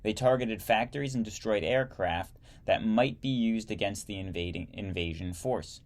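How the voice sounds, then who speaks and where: A man's voice: on the low side, moderate pace. A man reading a history text aloud, often stumbling and correcting himself, with wry asides to the listener.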